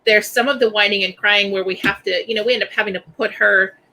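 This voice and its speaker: A woman's voice: mid-range voice, steady tone, fast talker, sharp tone, low-quality recording. A woman in her forties hosting a candid, casual conversation, often laughing and restarting mid-thought. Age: 40s. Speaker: host.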